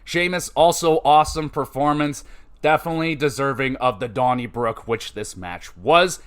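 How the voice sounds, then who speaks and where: A man's voice: mid-range voice, normal speed, a bit bright, clear, resonant tone. A man hosting a podcast, recapping wrestling matches in a casual, chatty way with offhand asides and scores. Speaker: podcast host.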